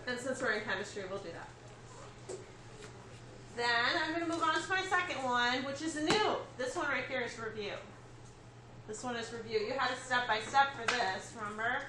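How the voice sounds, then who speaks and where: A woman's voice: a little high, animated, normal speed, background noise. A woman teaching a chemistry lesson, explaining step by step and checking in with her students. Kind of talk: classroom lecture. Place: classroom. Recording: echoey classroom with faint ambience.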